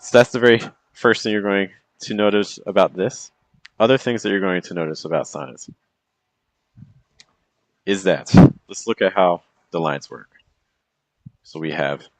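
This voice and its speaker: Male poetry teacher, deep voice, relaxed explainer who keeps checking in and sounds out beats. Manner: chatty, checks in with "okay" and "right"; taps out rhythm with "da da" syllables. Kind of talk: casual explanatory lesson.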